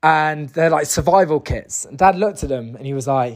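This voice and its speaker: A man's voice: medium pitch, a little fast, few pauses, a little mellow. A man from the UK, talking casually and enthusiastically as he tells a personal story and turns it into a motivational message, with lots of fillers and restarts. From United Kingdom. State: briefly emotional. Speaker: motivational speaker.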